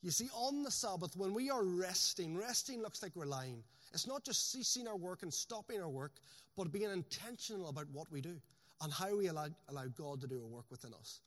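High-voiced pastor preaching in a reverberant hall. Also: male voice, lively intonation, fairly bright tone. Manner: emphatic preaching, slows sharply on key phrases. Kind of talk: sermon.

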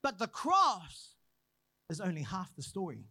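A young man preaching a sermon, praying and then telling a personal story in an animated way. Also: high voice, measured pace, husky, no echo. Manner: animated storyteller, acts out quoted voices.

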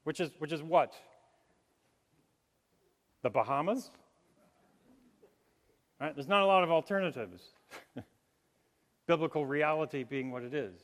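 Male pastor, sermon, animated storytelling, slightly high voice, long hall echo. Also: a little slow, long pauses. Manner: animated, acts out quoted voices, chuckles often.

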